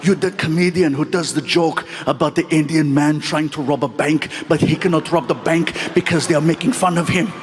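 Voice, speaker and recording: A man doing a booming muscleman movie star. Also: over music, natural voice. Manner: rapid-fire repeated greetings, pumped up. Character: booming muscleman movie star greeting fans, male, middle-aged.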